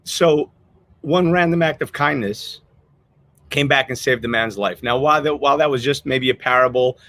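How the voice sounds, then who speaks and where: An earnest male podcast host tells a story in a loose, rambling way, restarting his sentences often. He sounds choked up. His voice sits at an ordinary middle pitch. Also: normal speed, fairly bright tone, no echo. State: choked up with emotion. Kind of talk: casual storytelling chat.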